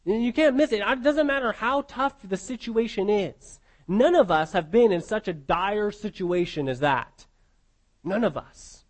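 A man with a notably high-pitched voice delivers an expository sermon. He speaks earnestly and emphatically. He keeps circling back with rhetorical questions to press his point home. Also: lively intonation, unhurried. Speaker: preacher.

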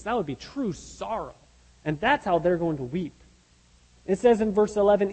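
High-voiced man preaching in a reverberant hall. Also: a little mellow. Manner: earnest, emphatic preaching with rhetorical questions. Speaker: pastor. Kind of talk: sermon.

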